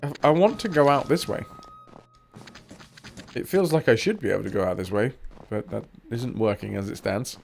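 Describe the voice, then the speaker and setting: A man's voice: medium pitch, lively intonation, moderate pace, gravelly, long pauses, darkish tone. A man with a southern English accent, chatting casually and joking while he streams a game. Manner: chatty, jokey, swears now and then. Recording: game music behind.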